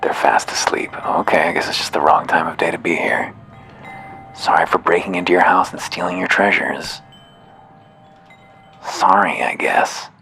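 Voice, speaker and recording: A man's voice: sits low, level tone, brisk, creaky, pushed and bright, in a whisper, faint music behind. A man giving casual gameplay commentary in wry, muttered asides. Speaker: gamer.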